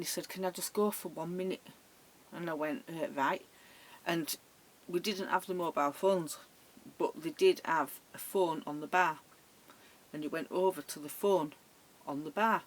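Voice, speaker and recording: A woman's voice: lowish voice, a little slow. A woman telling funny dating stories in a chatty, laughing way, acting out the other people's lines. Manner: chatty, laughing, acts out voices. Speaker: vlogger. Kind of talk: casual storytelling.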